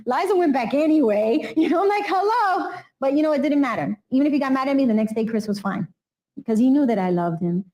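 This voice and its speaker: A woman with a fairly high, mellow voice recounts a family story with emotion for a documentary, earnestly voicing the people involved and raising her voice for their quotes. The recording is rough.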